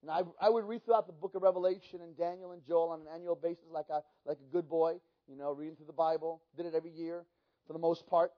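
Male preacher, middle-aged, high voice, fervent testimony, muffled lo-fi sound. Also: fairly even intonation, fast talker. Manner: fervent, dramatic storytelling with many restarts. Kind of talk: sermon testimony.

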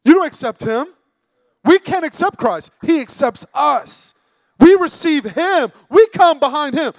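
High-voiced man preaching a sermon. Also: animated, a little slow, no echo. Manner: emphatic, conversational preaching with rhetorical questions.

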